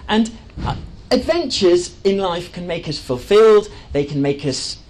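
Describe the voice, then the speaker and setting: A man's voice: high-pitched, lively intonation, a little slow, a little mellow, poor audio. Chatty man giving a talk. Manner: enthusiastic, chatty, with frequent fillers and restarts. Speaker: speaker at a live talk. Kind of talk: presentation to an audience.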